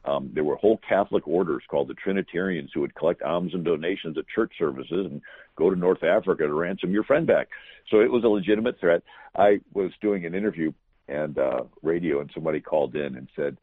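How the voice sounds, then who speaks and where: Man, deep and husky, talking guest on a tinny phone line, storytelling with fillers. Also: quick pace, no room sound. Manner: fluent, explanatory, many fillers. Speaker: guest historian. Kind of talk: storytelling interview answer.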